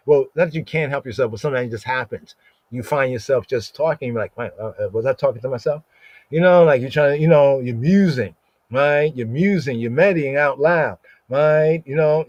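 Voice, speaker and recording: A man's voice: medium pitch, darkish tone, dry recording. A man teaching scripture on a podcast, repeating words in a musing way and asking "right?" again and again. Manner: repetitive, musing, asks "right?" often. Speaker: Bible teacher. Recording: dull lo-fi dry sound.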